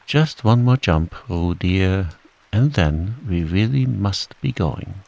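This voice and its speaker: A polite, motherly female kangaroo coaxes her little one home in soft tones, as a man reading aloud puts her on. Her voice is raised above the reader's low one and still has a gravelly edge. She speaks unhurriedly. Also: lively intonation, takes it slowly, full character voice. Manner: soft-spoken and coaxing.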